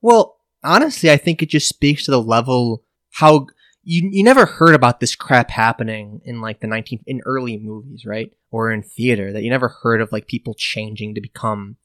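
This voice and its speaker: A man guesting on a podcast, chatting casually in a giggly, teasing way with halting starts. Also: medium pitch, fairly bright tone, dry recording, clean studio sound. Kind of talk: casual chat.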